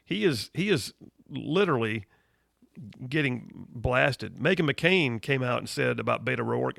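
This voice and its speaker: A man delivers emphatic, incredulous commentary as host of a political talk show. His voice has a gravelly rasp at mid pitch. The recording is dry and close, with no room sound. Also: lively intonation, measured pace, a bit bright, dry recording. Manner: reads out news headlines. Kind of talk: opinionated commentary.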